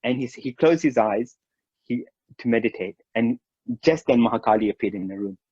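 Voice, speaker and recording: Man telling a lively story. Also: mid-range voice, a little fast, husky, dry recording. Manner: animated, acts out quoted dialogue. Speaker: storyteller recounting memories. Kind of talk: casual storytelling. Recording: dry, slightly dull recording.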